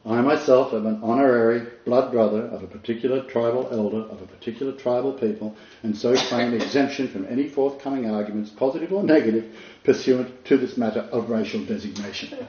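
A man's voice: medium pitch, dark tone, slight background noise. Emphatic man teaching in a roomy space. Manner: emphatic, repeats key words, reads quotes slowly. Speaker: Bible teacher. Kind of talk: teaching talk, reading quotes aloud. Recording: roomy, slightly dull sound.

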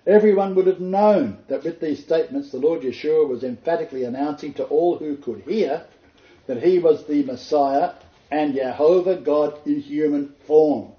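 A man with a slightly high voice speaks at a normal speed, teaching as a messianic rabbi and minister and quoting scripture with dramatic emphasis. The recording is echoey, with a dull lo-fi room sound.

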